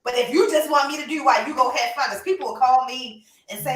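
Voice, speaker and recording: A high-pitched woman talks fast with hardly a pause, co-hosting a podcast with emphatic, animated energy and plenty of laughter. She also breeds reptiles, and the casual chat is recorded in a roomy space, well away from the mic.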